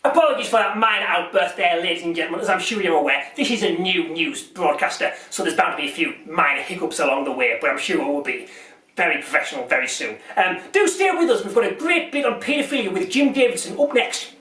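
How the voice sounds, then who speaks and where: A bumbling, bigoted news anchor, as a comedian puts him on, stumbling through his lines and flaring into rants. The voice sits high for a man. It sounds echoey and a little off-mic. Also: very animated, brisk, few pauses, fairly bright tone, distant mic, full character voice. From Britain. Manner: rambling, stumbling, bursts into rants. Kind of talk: parody news presenting.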